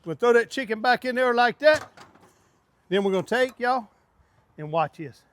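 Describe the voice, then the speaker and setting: A man hosting a casual outdoor cooking demonstration, talking in a hearty, excitable way with drawn-out exclamations. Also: extremely high pitch. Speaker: cooking show host.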